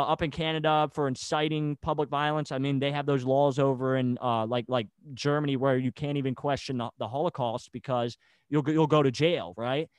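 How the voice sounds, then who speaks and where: A man's voice: a little high, clean tone, dry recording. Agitated rambling man. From United States. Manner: agitated and rambling, with stammered restarts. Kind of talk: casual chat, heated rant.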